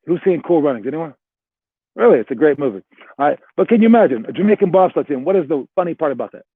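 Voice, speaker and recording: A man's voice: fairly high pitch, sing-song, fast, husky, no echo. A man coaching basketball players, giving a rambling motivational talk full of "all right" and "like" before walking them through a drill. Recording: dry, tinny phone-like sound.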